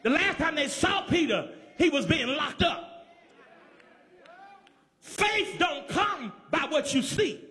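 A man's voice: takes it slowly, long pauses, in a large hall, some chatter behind, a little hiss or hum. A man with a Southern accent, from Georgia, preaching a sermon in a rhythmic, repetitive cadence and calling out to the congregation. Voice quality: high, lively voice, often shouting.

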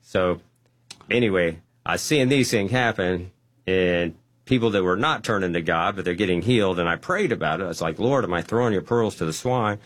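A man telling his testimony as a guest, acting out the dialogue with animated energy. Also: low voice, moderate pace. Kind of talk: testimony storytelling.

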